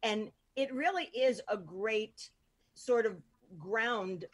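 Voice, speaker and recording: A woman's voice: on the high side, takes it slowly. A woman hosting an interview podcast, chatty and rambling, with lots of filler words. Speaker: host. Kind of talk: casual interview chat.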